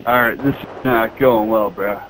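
Teasing gamer bro from Ohio. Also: male voice, on the low side, steady tone, normal speed, fairly bright tone, rough recording. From Ohio, USA. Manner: teasing, says "bro" constantly. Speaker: gamer on voice chat. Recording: game gunfire and noise behind.

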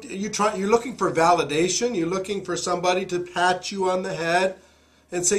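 A hoarse man, still getting his voice back, hosting an emphatic, preachy motivational talk into a studio mic. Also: sits high, steady tone, fairly quick. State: hoarse, recovering voice. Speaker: host.

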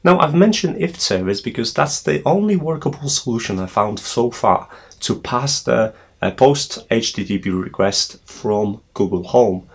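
A man's voice: medium pitch, husky. A man hosting a tech tutorial, explaining a setup step by step with frequent hesitations. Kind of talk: screen walkthrough tutorial.

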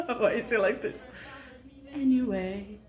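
A woman's voice: a little high, a bit bright. A woman hosting a reaction video, gushing and giggling as she comments casually. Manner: giggly, gushing fan commentary with frequent laughter. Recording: roomy echo, faint music behind.

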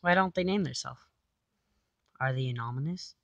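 A woman's voice: extremely low pitch, moderate pace, gravelly, no room sound, muffled recording. A woman casually commenting on her own gameplay, chatty, talking to herself and repeating silly phrases. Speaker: gamer.

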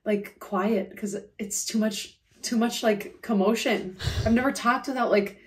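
A woman co-hosting a casual podcast chat remotely, excitable and swearing freely, with a slight lisp from her retainers. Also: on the high side, measured pace, distant mic, a little hiss or hum. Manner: excitable, swears, heavy use of "like". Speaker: podcast co-host. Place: remote, away from home studio.

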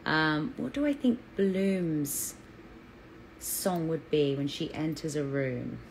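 A woman's voice: low voice, slow, a little hiss or hum, poor audio. A woman with an English accent chatting on a live fan Q&A, bubbly and talkative as she greets viewers. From England. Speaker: actress answering fan questions.

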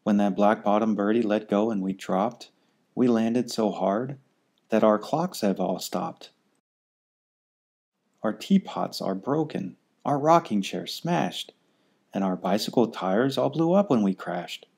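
A man's voice: lowish voice, lively intonation, a little slow, creaky, darkish tone, full character voice. A man voicing the tiny, fretful male mayor of a town on a speck, speaking in a polite, anxious way.

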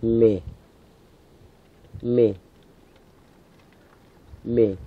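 A man from the Wadeye area of northern Australia, slowly repeating single words three times each for a field recording. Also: mid-range voice, little pitch movement, breathy edge. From Wadeye area, Northern Territory, Australia. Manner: says each word three times, slow and deliberate. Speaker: language speaker repeating words. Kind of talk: slow careful word repetition for recording. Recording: tinny lo-fi 1990 field tape.

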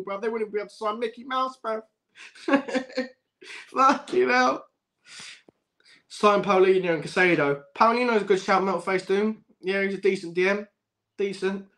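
High-voiced lad ranting, swearing. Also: male voice, a bit bright. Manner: swears a lot, laughs often, says bruv constantly. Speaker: football fan livestream host. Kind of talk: casual livestream chat.

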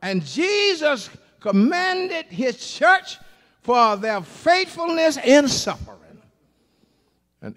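A man preaches at a funeral in a church sanctuary, calling out to the congregation and building to shouts. His voice is very high and swoops up and down. A long echo hangs in the hall behind him. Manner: call-and-response preaching, rising to shouts. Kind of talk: funeral sermon.

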